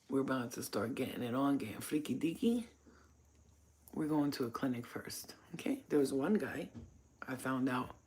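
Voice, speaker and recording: A woman's voice: extremely low pitch, a little mellow, husky. Blunt, profane woman vlogger. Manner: blunt, profane, frank storytelling. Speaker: channel host. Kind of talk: casual monologue to camera.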